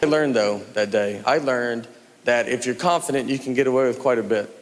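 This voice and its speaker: A middle-aged man from Tennessee, telling rambling deadpan stories in a stand-up comedy set. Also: medium pitch, fairly quick. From Tennessee, USA. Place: comedy stage with live audience. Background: audience laughter.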